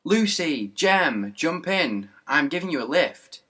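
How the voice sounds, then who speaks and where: A man's voice: medium pitch, very animated, unhurried, pushed and bright, far from the mic, voice pushed up, exaggerated voice. A man voicing a cheerful, proud dad who announces things theatrically while reading a children's story. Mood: upbeat.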